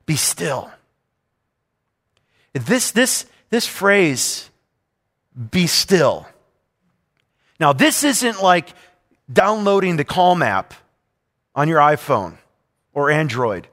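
A man's voice: a little high, a bit bright. A middle-aged male pastor preaching a sermon with emphatic, repetitive phrasing. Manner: emphatic, repetitive preaching with rising and falling intensity. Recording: long hall reverb.

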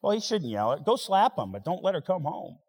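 A man preaching a sermon as pastor, swinging between loud rising exhortation and quiet, wry asides. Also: high voice, big pitch swings, a little fast. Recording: long hall reverb.

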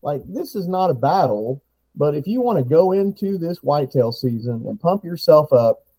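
Halting male podcast guest, mellow tone. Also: on the high side, very animated, no echo, rough recording. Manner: halting, repeats words while storytelling. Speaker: podcast guest, veterinarian and deer hunter. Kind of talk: casual podcast interview.

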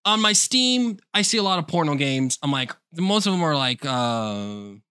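A man co-hosting a podcast in casual chat, animated, laughing often and swearing freely. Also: on the high side, normal speed, clean tone, dry recording, clean studio sound. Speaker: podcast co-host.

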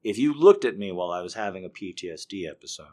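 Intense, low-voiced man confessing. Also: expressive, fast talker. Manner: intense, emphatic, swings from hushed to loud. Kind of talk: confessional monologue.

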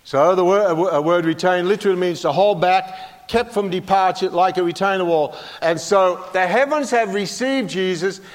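Older male preacher, high voice, joking and questioning the congregation, big reverberant hall. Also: normal speed. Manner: folksy, humorous, asks the congregation questions. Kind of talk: sermon.

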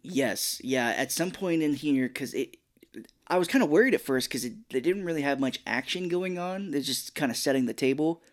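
A man co-hosting a podcast, chatting casually about a film, rambling and animated. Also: on the high side, normal speed. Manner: rambling, animated, does mock voices of film characters. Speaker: podcast co-host. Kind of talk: casual movie review chat.

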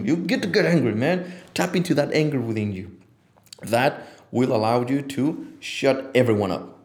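A man's voice: medium pitch, animated, normal speed, a little mellow. Passionate, swearing man on a podcast. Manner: passionate, profane, acts out quoted voices. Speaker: podcast guest, image consultant. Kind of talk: casual interview talk.

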